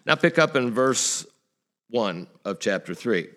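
A man's voice: mid-range voice, animated, a little slow, fairly bright tone. A male pastor preaching a sermon earnestly, teaching through rhetorical questions.

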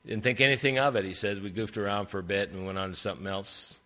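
An older man preaching a sermon, telling stories with big swings in pitch for emphasis. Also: steady tone, quick pace, sharp tone.

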